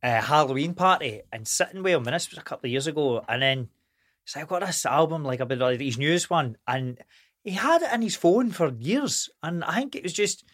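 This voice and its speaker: A Scottish man in casual podcast chat, enthusiastic and quick to agree with the other speaker. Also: fairly high pitch, animated, a bit bright. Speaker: podcast guest. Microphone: studio microphone.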